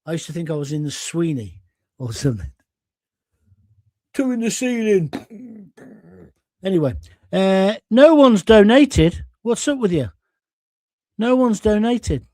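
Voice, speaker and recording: An older man rants through a live online show, blunt and sarcastic as he reads out viewer comments. His voice sits fairly high for a man. The sound is close and dry, with little room around it. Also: lively intonation, normal speed, dark tone, no echo. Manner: blunt, sarcastic, mocking voices in mini-skits. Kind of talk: ranting live-stream commentary.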